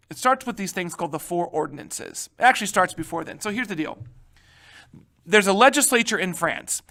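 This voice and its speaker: A man teaching history in a casual recorded lecture. He talks in a chatty, animated way with slangy asides. His voice is high and bright.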